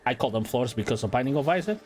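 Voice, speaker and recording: A man giving casual let's-play commentary in a relaxed, playful way, swearing now and then. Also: medium pitch, fast, soft background music. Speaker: gaming channel host.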